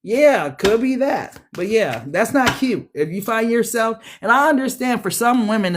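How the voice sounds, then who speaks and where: Blunt, profane woman reading tarot. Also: lowish voice. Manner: blunt, profane, sassy slang. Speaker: tarot reader. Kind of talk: casual tarot reading livestream.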